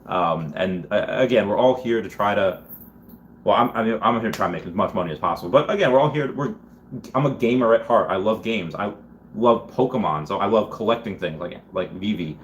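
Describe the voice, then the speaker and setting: A man hosting a casual livestream, reading viewer comments and rambling with many restarts, lively when he answers chat. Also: fairly low pitch, fairly quick, dull audio, slight background noise. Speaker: livestream host.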